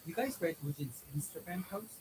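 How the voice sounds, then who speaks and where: A man's voice: high voice, animated, brisk. A man doing a casual reaction commentary, translating and explaining, who gets worked up and swears as he talks. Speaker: video commentator. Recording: mic from far off, loud noise behind.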